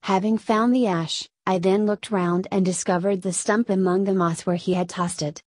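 A woman narrates a story in a steady, even audiobook reading. The recording is dry and close. Her pitch sits in a middle range. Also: normal speed, no echo.

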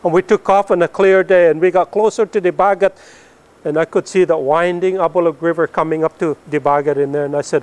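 A middle-aged missionary pilot and Bible translator from the northern Philippines gives a spirited testimony to an audience, talking a little fast in an emphatic, story-driven style. His somewhat high voice swells with excitement, then drops nearly to a hush as each line ends.

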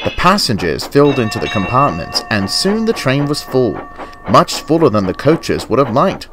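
A man tells a children's storybook tale with lively, rising and falling intonation. His reading is gentle and expressive over clear music. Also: medium pitch, moderate pace. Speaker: narrator. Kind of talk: storybook narration.

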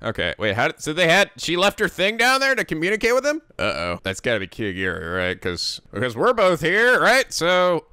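Excitable man with a wildly lively voice. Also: on the high side, fairly quick, hardly any pauses, clear, resonant tone, dry recording, clean studio sound. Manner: excitable, profane, jumps into silly voices. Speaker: anime reaction youtuber. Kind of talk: casual reaction commentary.

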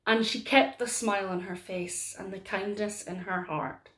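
A woman storyteller telling a traditional folk tale aloud in a gently dramatic way. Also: medium pitch, fairly even intonation, moderate pace.

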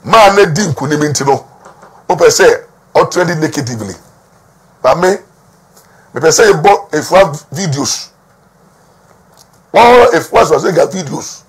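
A man's voice: fairly high pitch, expressive, a little slow, long pauses, breathy edge. A man with a Ghanaian accent giving emphatic gossip news commentary, repeating words for stress and mixing Twi with English. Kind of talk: talking-to-camera gossip commentary.

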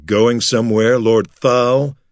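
A man's voice: mid-range voice, fairly even intonation, slow pace, dry recording, clean studio sound, close to an everyday voice. A man voicing an angry half-orc warrior who talks in a fierce, bitter, spitting way. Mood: fierce anger.

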